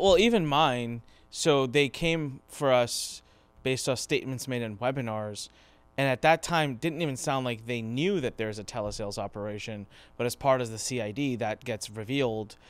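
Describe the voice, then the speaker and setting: A man's voice: mid-range voice, moderate pace, clear, resonant tone, dry recording. A podcast host, a man, talking casually and with enthusiasm, often repeating his words as he goes.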